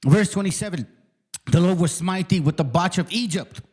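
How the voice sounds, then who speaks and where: A man delivers profane biblical commentary as a channel host. He is confrontational and swears constantly, hammering viewers with repeated challenges. His speaking voice sits a little on the high side. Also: moderate pace, darkish tone.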